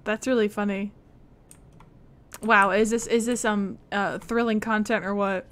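A woman's voice: mid-range voice, fairly even intonation, measured pace, a bit bright, smooth. A young woman, chatting and giggling through a game as she streams it. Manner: chatty and giggly, talks to the game characters and chat. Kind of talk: casual gameplay commentary.

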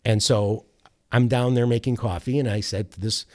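A man's voice: mid-range voice, normal speed. Man telling a rambling sports anecdote. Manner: rambling, animated anecdote with quoted voices and self-corrections. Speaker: sports radio producer, guest. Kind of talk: casual storytelling.

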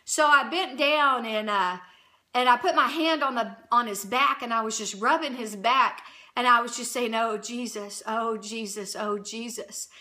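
A middle-aged woman recounts a personal faith testimony in a high, bright voice. She speaks earnestly and emotionally, often breaking off and starting over. Her delivery is heartfelt and unpolished. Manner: earnest, emotional, halting with restarts. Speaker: Christian channel host.

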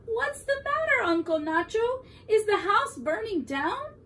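A woman's voice: extremely high pitch, big pitch swings, a little slow, voice pushed up, exaggerated voice. A woman voicing a cheerful, eager young girl who dotes on her uncle, recorded from a distance with faint room noise. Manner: bright, eager and affectionate.

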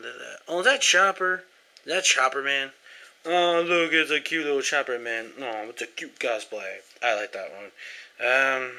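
A man's voice: mid-range voice, pushed and bright, slight background noise. A young man doing a casual unboxing vlog at home on a camera mic, rambling, swearing often and getting easily frustrated. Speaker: vlogger. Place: indoors at home.

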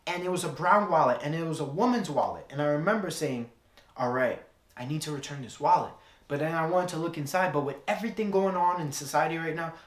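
A man's voice: a little high, roomy sound. A young man preaching a sermon, telling a personal story in an earnest way and repeating key phrases.

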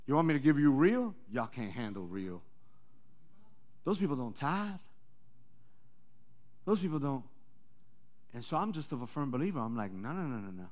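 A male pastor preaching a sermon, swinging between loud rallying calls and low, confiding asides.

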